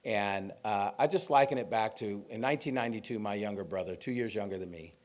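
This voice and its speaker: A man's voice: fairly low pitch, quick pace. A middle-aged man from Sacramento, a police chief, telling personal stories in an informal, conversational speech to an audience. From Sacramento, California. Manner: storytelling, conversational with fillers and asides. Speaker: police chief giving a talk.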